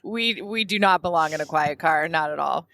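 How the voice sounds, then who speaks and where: A woman's voice: deep voice, moderate pace, creaky, a bit bright. A woman co-hosting a podcast in casual chat, laughing often as she talks. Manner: giggly, laughs often while talking. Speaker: podcast co-host.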